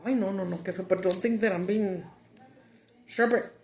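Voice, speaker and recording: A middle-aged woman vents to her viewers, mid-pitched, cussing and switching between Spanish and English. Her voice rings in a roomy, echoey space. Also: steady tone, moderate pace, darkish tone, slight background noise. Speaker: mukbang vlogger. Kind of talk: casual chat while eating. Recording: roomy echo.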